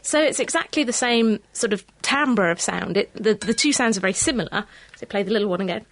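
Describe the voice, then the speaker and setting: A woman co-presenting a science radio show in a studio, explaining things clearly. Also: medium pitch, lively intonation, brisk, noisy background. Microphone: studio mic.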